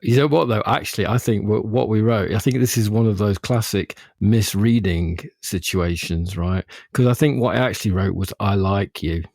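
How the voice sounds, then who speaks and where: A man's voice: on the low side, moderate pace, gravelly, few pauses, a little mellow, no echo, studio quality. A man, co-hosting a podcast in a rambling, good-humoured casual chat. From Derby, England. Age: 50s. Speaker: podcast co-host.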